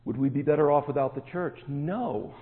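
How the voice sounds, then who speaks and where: A man's voice: on the high side, normal speed. A man preaching a sermon as pastor, emphatic and stressing key words. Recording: echoey hall, tinny phone-like sound.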